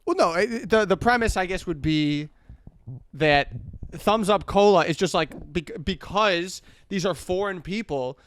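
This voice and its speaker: Halting high-voiced man, podcast banter. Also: a bit bright. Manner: halting, filler-heavy, restarts often. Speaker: podcast co-host. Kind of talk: casual comedy podcast banter.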